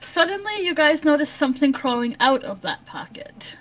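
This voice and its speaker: A woman's voice: high voice, expressive, normal speed, fairly bright tone. A woman narrating as game master of a tabletop role-playing game, describing scenes in casual talk.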